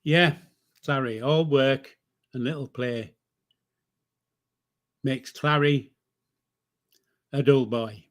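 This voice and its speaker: A man's voice: medium pitch, slow, long pauses. An older man from northern England, hosting a casual livestream, reading out chat and joking in a rambling, easygoing way. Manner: chatty, rambling, jokey, with frequent fillers and self-corrections. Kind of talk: casual live-stream chat.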